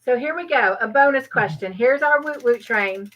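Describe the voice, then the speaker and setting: A woman speaks at a moderate pace in a high, slightly bright voice while hosting a casual trivia livestream from home. She's chatty, frequently laughing and reading out chat names to thank viewers, with dull lo-fi stream audio.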